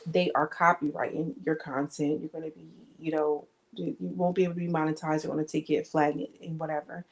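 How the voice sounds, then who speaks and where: A woman commenting in a casual gossip vlog, animated, emphatic, slangy and blunt. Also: fairly low pitch. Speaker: online commentator.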